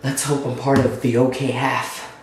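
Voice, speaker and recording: A man's voice: medium pitch, little pitch movement, moderate pace. Joking young man in an echoey bathroom. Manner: joking, self-conscious, rambling. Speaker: vlogger. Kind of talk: casual vlog chat. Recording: echoey bathroom, faint noise.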